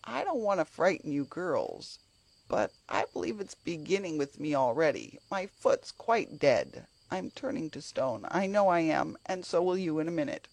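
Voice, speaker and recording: A woman's voice: deep voice, very animated, normal speed, creaky, darkish tone, no echo, heavily acted. A woman voicing a cheeky, blunt young boy in a storybook reading. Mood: gloomy. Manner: blunt, impudent.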